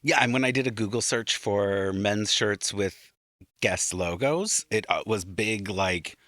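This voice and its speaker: Relaxed Minnesotan man recapping a show. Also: fairly low pitch, unhurried, dry recording, clean studio sound. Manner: relaxed, recapping plot points with light asides. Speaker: podcast co-host. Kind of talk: casual recap chat.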